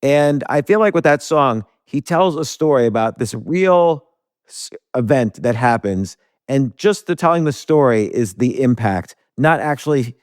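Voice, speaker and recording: A man's voice: mid-range voice, a little mellow, no echo, studio quality. A man hosting a podcast interview, thinking aloud in long, rambling sentences with many restarts. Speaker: podcast host. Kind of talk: casual interview.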